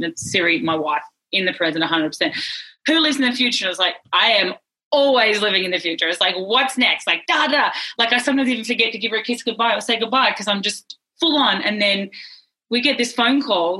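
A woman guest recounting a hard chapter of her life, her tone bright and a little husky. She talks earnestly and is sometimes close to tears. She slips into lively voices when she quotes other people. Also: mid-range voice, low-quality recording. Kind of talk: emotional personal storytelling.

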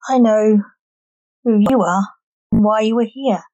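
A woman reads a stern male agent who lectures his daughter. She stays close to her own mellow voice. The sound is dry and close. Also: a little high, a little slow, no echo, muffled recording, lightly acted.

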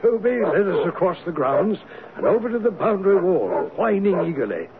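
A man's voice: sits high, big pitch swings, normal speed. An actor playing a flustered, loyal male doctor who also narrates a radio drama, with a hesitant, stammering manner. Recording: tinny lo-fi radio broadcast with faint hiss.

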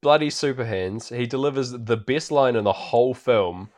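A man's voice: medium pitch, normal speed, darkish tone. A man co-hosting a podcast, recapping a movie in casual chat, full of fillers and frequent laughter. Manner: rambling, laughs often, many fillers. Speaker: podcast co-host. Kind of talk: casual film-review chat.

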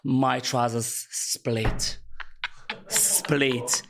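A man telling his life story as an interview guest, animated, laughing often and acting out quotes. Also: mid-range voice, extremely slow, creaky. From Armenia. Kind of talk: emotional storytelling.

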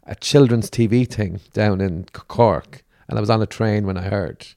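Middle-aged comic guest, gravelly voice with a dry recording, spins vivid anecdotes. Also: male voice, lowish voice, moderate pace, warm tone, no room sound. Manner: vivid storyteller, acts out the people he quotes. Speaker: comedian guest. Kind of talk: casual podcast chat.

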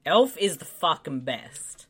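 A podcast co-host who teases and laughs along in casual chat. The voice is bright and expressive, and the delivery is unhurried. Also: medium pitch, husky.

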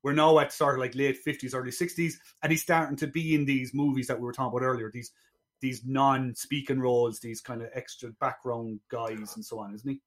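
A man co-hosting a casual podcast, chatty and quick to laugh, with hesitant restarts. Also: medium pitch, steady tone. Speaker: podcast co-host. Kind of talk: casual chat.

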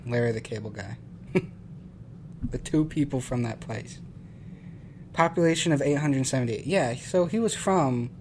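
Male co-host, dry and matter-of-fact, middle pitch, faint noise behind. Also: darkish tone. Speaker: podcast co-host. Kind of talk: casual chat.

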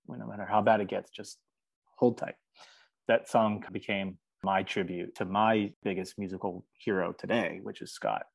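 A man with a lowish voice chats as a musician guest on a podcast. He talks earnestly and easily, breaking into laughter now and then. The recording is dry and close, with no room sound. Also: darkish tone, no room sound. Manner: earnest, chatty, laughs often. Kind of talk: casual interview chat.

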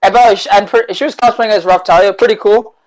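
A man co-hosting a podcast, telling stories in casual chat with a relaxed, self-deprecating manner. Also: high voice, fast, rough recording. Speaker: podcast co-host.

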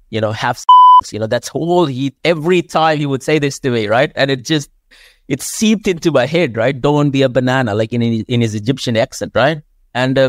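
Man, podcast host, mid pitch, dry recording, casual chatty stories. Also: dry recording. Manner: chatty, tags sentences with "right?".

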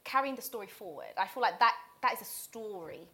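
A woman's voice: medium pitch, lively intonation, brisk, sharp tone. A woman whose first language is not English, chatting on a podcast, hesitant and self-deprecating. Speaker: podcast co-host. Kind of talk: casual chat.

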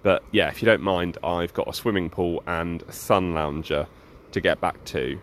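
Man, low voice, breezy rambling call from outdoors by the sea. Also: normal speed, slight background noise. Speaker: podcast co-host. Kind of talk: casual phone call.

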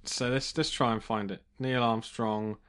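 A man's voice: medium pitch, steady tone, measured pace, fairly bright tone, smooth. A man on a casual chat podcast, earnestly reading out claims. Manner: earnest, reads out claims matter-of-factly. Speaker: podcast co-host reading sources.

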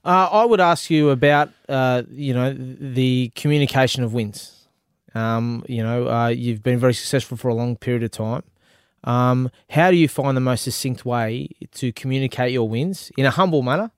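A man of middle pitch, talking earnestly as a podcast guest. He hesitates and fills pauses with ums while he finds his words. The recording is dry and close. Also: smooth, no echo. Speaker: guest, youth club manager. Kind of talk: casual interview chat.

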